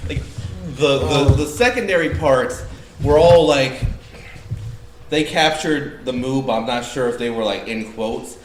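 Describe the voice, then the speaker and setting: A man's voice: medium pitch, measured pace. A man telling a wild story on a podcast, laughing and swearing as he acts out the people in it. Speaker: podcast guest. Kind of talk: casual storytelling. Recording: echoey room with clear background noise.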